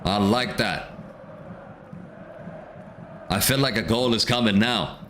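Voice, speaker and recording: A man's voice: on the low side, takes it slowly, fairly bright tone, slight background noise. Man hyping a live match to chat. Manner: repeats phrases, urges chat, erupts when a goal goes in. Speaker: watchalong streamer.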